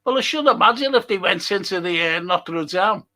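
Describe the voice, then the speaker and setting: A man's voice: high-pitched, animated, moderate pace, pushed and bright. A man hosting a casual livestream, rambling as he reads viewers' chat comments aloud and swears now and then.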